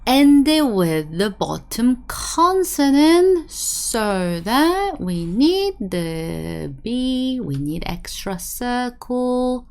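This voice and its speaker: A woman's voice: fairly high pitch, extremely slow, few pauses, clear, resonant tone. A young woman teaching an online language lesson, drilling words by repetition and checking in with "right?" as she explains. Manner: animated, drills words by repeating them, asks "right?" often.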